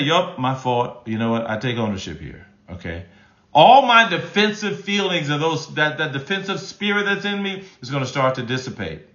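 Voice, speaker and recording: A male relationship coach talking on a live stream with a lively, animated pitch that swoops up and down. He drives his points home by repeating key phrases and often restarts his sentences. The room sounds echoey and a little dull. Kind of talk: live-stream teaching, reading chat comments. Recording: roomy, slightly dull sound.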